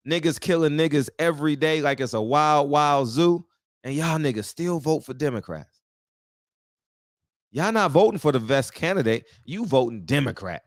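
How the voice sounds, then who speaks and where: A man's voice: fairly high pitch, dry recording, studio quality. A man hosting a casual talk show, speaking bluntly and profanely, often laughing at his own jokes. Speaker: podcast host.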